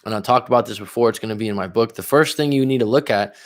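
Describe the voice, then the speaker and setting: A man's voice: lowish voice, rapid-fire. A man coaching viewers on a livestream, reading their comments aloud and answering them bluntly, with frequent swearing. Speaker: relationship coach.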